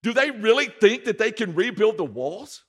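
A man's voice: high voice, very animated, moderate pace, a bit bright, slightly rough, pitched above the performer's own voice, full character voice. A man voicing a mocking ancient enemy official who scoffs with incredulous rhetorical questions. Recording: echoey hall reverb.

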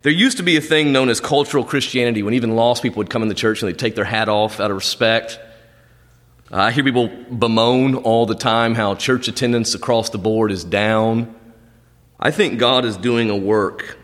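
A man's voice: medium pitch, normal speed, a bit bright, in a large hall. A male pastor preaching a sermon, quoting scripture with dramatic swings in delivery. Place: church sanctuary.

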